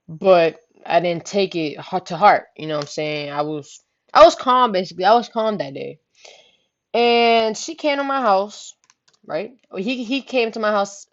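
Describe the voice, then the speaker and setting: Young woman chatting slangy, lots of you know what i'm saying, kinda dull lo-fi sound. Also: lowish voice. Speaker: vlogger. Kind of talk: casual storytelling. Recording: dull lo-fi home recording.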